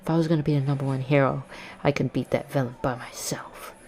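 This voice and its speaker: Woman playing a low, muttering cocky teen boy, dismissive. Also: fairly even intonation, fast, darkish tone. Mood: scornful. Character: scornful hotheaded teenage boy rival.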